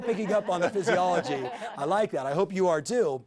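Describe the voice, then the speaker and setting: A middle-aged man leads a sales training session for real estate agents, speaking with energetic, coaching drive. His voice sits a bit high and swings widely as he acts out sample dialogues with clients. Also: brisk, hardly any pauses. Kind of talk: training video lecture.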